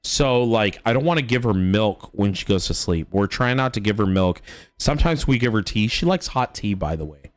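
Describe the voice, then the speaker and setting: A man's voice: fairly low pitch, normal speed, no room sound, soft background music. A man streaming a game, telling stories about his toddler in a casual, swearing chat. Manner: animated storytelling, swearing. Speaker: father.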